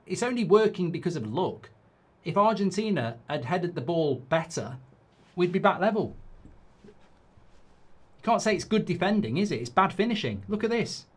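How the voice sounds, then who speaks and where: A man hosting a live football watchalong, reacting in frustration, swearing and reading out viewer comments. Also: high voice. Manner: exasperated, swearing, ranting at the game; reads viewer comments aloud. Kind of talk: live match reaction chat.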